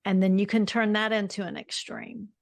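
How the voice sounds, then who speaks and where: A woman co-hosting a casual spiritual podcast, agreeing and adding remarks in an unhurried way. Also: medium pitch, flat delivery, vocal fry, no room sound. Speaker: podcast co-host.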